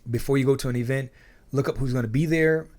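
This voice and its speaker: A man talking as a guest in a casual conversation, animated and acting out scenes in different voices. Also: mid-range voice, fast talker.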